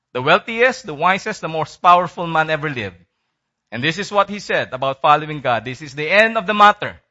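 A man preaching a sermon, emphatic, repeating key phrases and dropping low at the ends of lines. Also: sharp tone, dull audio.

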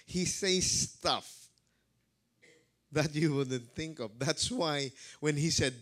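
A male pastor preaching a sermon, dramatic, swinging between loud calls and hushed words. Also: medium pitch, slow.

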